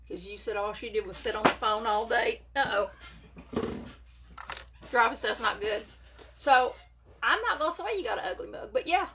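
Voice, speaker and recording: A woman's voice: a little high, pushed and bright, husky. A woman hosting a casual live makeup stream from home, chatting with viewers and greeting them by name. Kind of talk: casual live chat while doing makeup. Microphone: phone or webcam for a live video.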